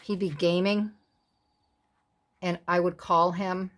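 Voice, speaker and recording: A woman's voice: fairly low pitch, little pitch movement, takes it slowly, a little hiss or hum. A middle-aged woman hosting a casual crafting tutorial, chatting in rambling, self-amused asides as she works. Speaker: craft video host.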